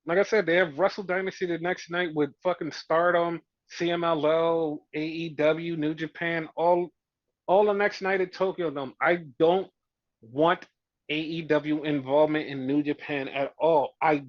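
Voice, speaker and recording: A man's voice: on the high side, fairly even intonation, normal speed, dry recording, muffled recording. A man co-hosting a podcast, ranting heatedly and profanely, often mimicking fans. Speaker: podcast co-host. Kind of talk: casual opinion rant.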